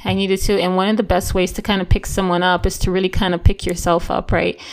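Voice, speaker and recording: A woman's voice: lowish voice, flat delivery, quick pace. A woman giving a casual Christian devotional talk, earnest and encouraging, chatty with lots of fillers and restarts. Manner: conversational, full of fillers and restarts. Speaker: Christian teacher.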